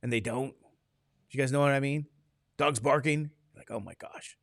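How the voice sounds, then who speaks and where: A man's voice: mid-range voice, fairly even intonation, moderate pace, no room sound, clean studio sound. A man teaching a classroom lecture, chatty and digressive, asking the class questions as he goes.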